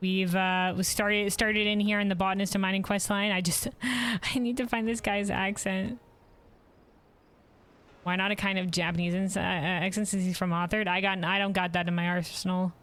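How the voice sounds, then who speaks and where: A woman's voice: medium pitch, fairly bright tone. A woman streaming a game, talking casually and rambling, self-deprecating and reading chat messages aloud.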